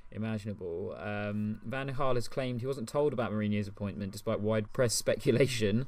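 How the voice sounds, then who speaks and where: A man with a slightly low voice chats his way through a podcast segment. He hesitates often, filling gaps with ums and restarting his sentences, and keeps a loose, unscripted flow. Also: normal speed, darkish tone. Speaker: podcast co-host. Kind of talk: casual chat.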